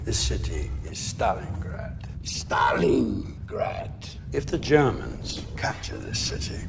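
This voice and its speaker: A man's voice: lowish voice, gravelly, distant mic, noisy background, full character voice. An actor playing a stern, commanding male Soviet commissar, speaking with a British accent and emphatic delivery. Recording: film score underneath.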